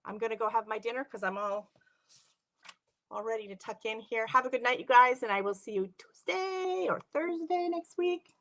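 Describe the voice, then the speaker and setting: A woman's voice: a little high, moderate pace, fairly bright tone. A woman hosting a live craft stream from her home craft room, chatting to viewers by name while she works. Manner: chatty, laughs often, talks to viewers by name. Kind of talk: casual live craft demo chat.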